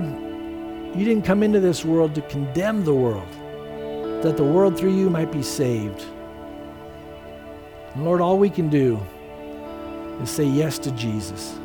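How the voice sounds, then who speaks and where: A man preaching a sermon as pastor and leading a closing prayer in a church, earnest, acting out quoted speakers in a higher voice. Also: animated, slow, pauses often, music in the background.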